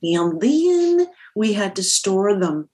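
A woman's voice: mid-range voice, very animated, slow, a little mellow. An older woman with a Minnesota accent, a guest telling detailed stories from memory in a podcast interview, often restarting her sentences. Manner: detailed, self-correcting recollection. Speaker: guest, audio engineer.

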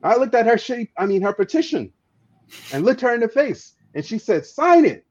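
A man's voice: very high-pitched, very animated, a little fast, a little mellow. A man speaking as an activist guest, telling a story with passion and often stumbling over repeated words. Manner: emphatic, stammering repeats of words. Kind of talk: impassioned storytelling in conversation. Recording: dull lo-fi audio.

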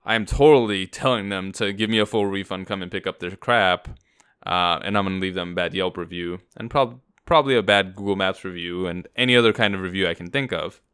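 A man's voice: low voice, fairly quick, a bit bright, clean tone. A man co-hosting a podcast, telling a long personal story in a rambling, casual way. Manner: rambling anecdote with acted-out quotes. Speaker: podcast co-host.

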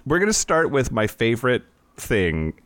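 Deadpan man with a lively voice. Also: medium pitch, moderate pace, no echo, faint music behind. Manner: dry, deadpan one-liners. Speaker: podcast co-host. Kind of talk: casual chat.

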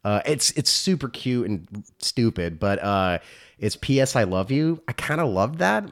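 A man as a podcast guest, talking casually and excitedly, swearing and filling pauses with ums. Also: mid-range voice. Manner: animated, laughing, swears, many fillers.

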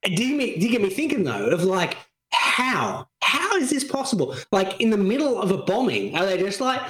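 Excitable man bantering. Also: sits high, moderate pace, echoey room. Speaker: podcast co-host. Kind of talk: casual chat.

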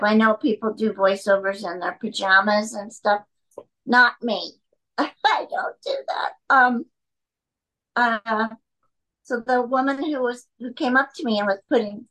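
A woman's voice: fairly high pitch, bright, forceful tone, rough recording. A middle-aged actress telling rambling anecdotes at home in a casual interview, stopping to talk to her cat.

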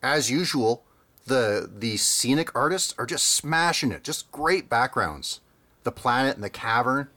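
Male podcast co-host, animated delivery, rambling, laughs easily. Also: medium pitch. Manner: rambling, amused, quick laughs, many fillers. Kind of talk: casual chat.

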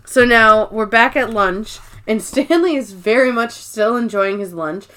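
A woman's voice: on the high side, measured pace, sharp tone. A woman co-hosting a podcast, casually retelling episodes and acting out quotes, with some swearing. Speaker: podcast co-host. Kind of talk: casual recap chat.

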